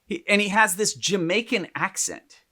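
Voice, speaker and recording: A man's voice: high voice, normal speed, bright, forceful tone. A man co-hosting a podcast, telling a story in casual chat with lots of laughs and restarts. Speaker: podcast co-host, psychologist.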